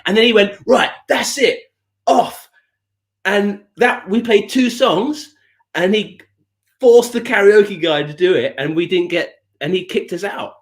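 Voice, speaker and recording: A man from England co-hosting a live music chat show, telling an anecdote in an animated way and often laughing. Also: sits high, unhurried. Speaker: show co-host. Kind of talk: casual storytelling chat.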